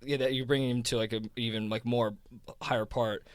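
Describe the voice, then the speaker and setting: A man's voice: medium pitch, level tone, fairly quick, dry recording, studio quality. A man with a South Jersey accent, a guest on a podcast interview, explaining his ideas in a rambling casual way, full of "like" and restarts. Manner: rambling, heavy on "like", frequent restarts. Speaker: guest, crypto fund co-founder.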